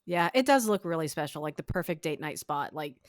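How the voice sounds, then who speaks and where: A woman co-hosting a podcast in casual chat, playful and quick to laugh. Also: low voice, lively intonation, no room sound, studio quality. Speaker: podcast co-host.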